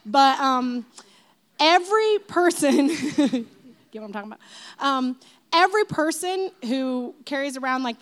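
A woman in her thirties talking casually, chatty and quick to laugh, with lots of fillers. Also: high voice. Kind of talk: casual talk.

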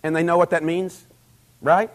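A middle-aged man preaching a sermon in a conversational way, rising to loud emphatic peaks and acting out quoted dialogue. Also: on the high side, level tone, normal speed.

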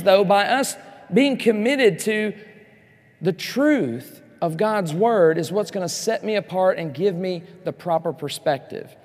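A man with a high voice delivers an animated Bible teaching to a conference crowd. He addresses the room directly and drops in joking asides as he goes. His words ring out with a long reverb from the large hall. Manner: animated, speaks straight to the audience with joking asides. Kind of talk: lively teaching sermon.

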